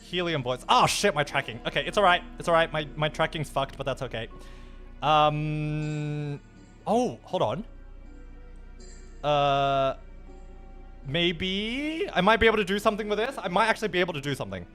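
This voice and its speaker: A man with a high, very lively voice chats casually with his stream audience, swinging his pitch up and down as he goes. He swears freely and tosses in Japanese phrases. Faint music plays behind him. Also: moderate pace, pauses often. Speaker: livestreamer. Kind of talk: casual livestream chat.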